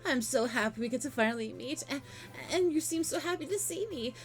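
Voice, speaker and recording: Woman performing a video game monster fanboy with an axe: obsessive, overexcited, halting speech. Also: high voice, lively intonation, faint music behind. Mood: agitated. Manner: stammering, gushing, overexcited. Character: obsessive excitable male monster superfan with an axe.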